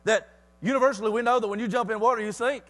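A man's voice: very high-pitched, steady tone, rapid-fire, a bit bright. A man preaching a sermon with emphatic repetition and rhetorical questions.

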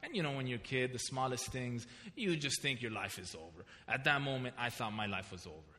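A man with a medium-pitched voice speaks a little fast in a reverberant hall. As a pastor preaching a sermon, he tells a personal story and asks his listeners pointed questions. His style is animated storytelling, directly questioning the congregation.

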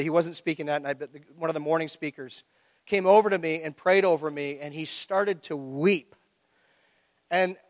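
Man, pastor, animated sermon, fairly high voice, close dry sound with a long hall tail. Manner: animated storytelling, acting out his own reactions. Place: church.

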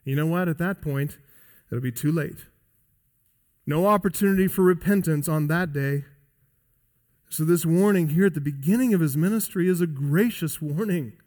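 A male pastor preaching a sermon emphatically, swinging between loud high emphasis and quiet low drops. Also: normal speed, big-room sound. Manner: emphatic preaching with wide swings in pitch and loudness. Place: church sanctuary.

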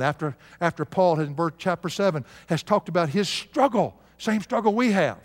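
A male preacher delivering an emphatic sermon, asking his congregation to answer aloud. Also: on the high side. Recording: live sermon with long hall reverb.

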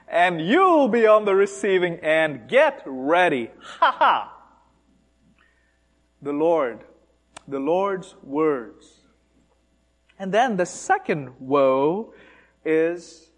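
A man preaching a sermon, speaking with animated, mocking emphasis and asking rhetorical questions. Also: sits high.

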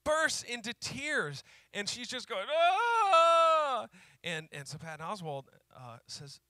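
A male pastor preaching a sermon who slows down to repeat key phrases for emphasis and tells stories in a conversational way. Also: high voice, sing-song, sharp tone, no echo, studio quality. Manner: conversational storytelling with fillers.

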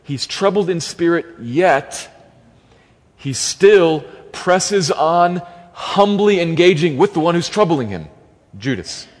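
A man preaching a sermon, reading scripture aloud and then explaining it earnestly, repeating key phrases for emphasis. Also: a little high. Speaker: pastor. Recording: long hall reverb.

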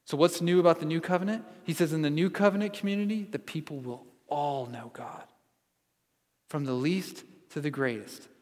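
A man's voice: a little high, moderate pace, darkish tone, in a large hall. A man preaching a sermon as pastor, earnest and building to emphatic repetition.

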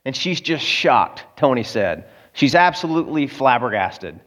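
A man's voice: medium pitch, very animated, measured pace, a bit bright. Conversational male preacher telling a story. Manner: conversational, with asides to the listeners. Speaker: pastor. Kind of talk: sermon storytelling.

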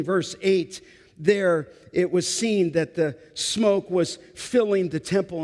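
Man preaching, high voice, emphatic repetition, long hall reverb. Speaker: pastor. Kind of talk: sermon.

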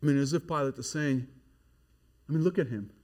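A man's voice: medium pitch, brisk. Emphatic man preaching a sermon. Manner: emphatic, swinging from quiet to loud and excited. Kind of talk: expository sermon.

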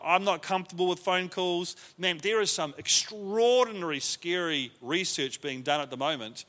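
A man's voice: fairly high pitch, pushed and bright, in a large hall. A man teaching a leadership class to a group in a conversational way, often acting out the lines he quotes.

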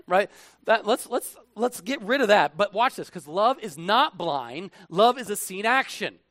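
Male pastor, fairly high voice, dry close sound; preaches conversationally, drops to near-whispers then bursts out loud. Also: a little slow, no echo. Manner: animated, swings from hushed asides to loud emphatic bursts. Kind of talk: conversational sermon.

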